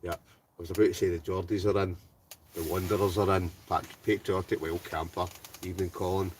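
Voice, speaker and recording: A man's voice: low voice, flat delivery, brisk, far from the mic, a little hiss or hum. A Scottish man livestreaming from a tent outdoors, chatting casually and greeting viewers by name as he reads their comments. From Scotland. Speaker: wild camping livestreamer. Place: hot tent outdoors behind his house.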